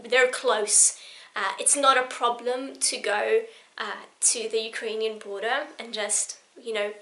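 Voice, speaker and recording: A young woman in her twenties from Poland, speaking in an earnest, emotional personal vlog. She rambles a little and restarts her sentences often, in a slightly higher than average voice. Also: fairly bright tone. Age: 20s. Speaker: vlogger.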